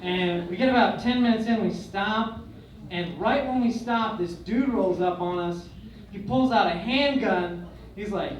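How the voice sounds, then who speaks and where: High-voiced man doing crude stand-up. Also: measured pace, muffled recording, a little hiss or hum. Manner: crude, swaggering storytelling with big swings in loudness. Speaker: stand-up comedian. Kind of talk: stand-up set. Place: comedy club stage. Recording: echoey club recording from far off. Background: audience laughter.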